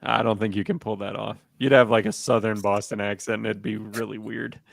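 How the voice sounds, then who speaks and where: A man co-hosting a sports podcast, rambling in a relaxed way with lots of fillers and restarts. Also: on the low side, a little fast, gravelly, no room sound. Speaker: podcast co-host. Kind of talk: casual sports chat.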